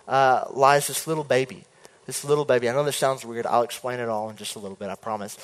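A young man telling a long personal story in a sermon, chatty and animated, often acting out what people said. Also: medium pitch. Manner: animated, chatty, jumps into quoted voices. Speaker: preacher. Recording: hall reverb.

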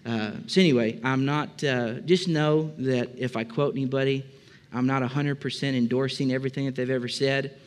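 A male pastor delivers a conversational sermon with a mid-pitched voice. He speaks plainly and rambles a little, with frequent "uh" fillers and friendly asides to the people in front of him. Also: fairly even intonation, moderate pace. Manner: conversational, many filler "uh"s, addresses congregation directly.

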